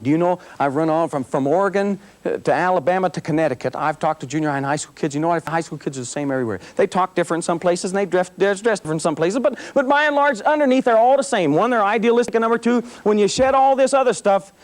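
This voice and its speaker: A man with a notably high voice tells stories to students at a school assembly. He is a middle-aged police officer who acts out scenes with humor and lively delivery. His talk is motivational and easygoing. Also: quick pace, hardly any pauses. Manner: animated storyteller, acting out scenes with humor.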